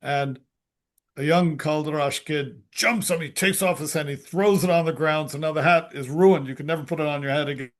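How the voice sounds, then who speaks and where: A man telling a story as a podcast guest, halting and restarting, acting out the quotes. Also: fairly high pitch. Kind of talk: storytelling in conversation.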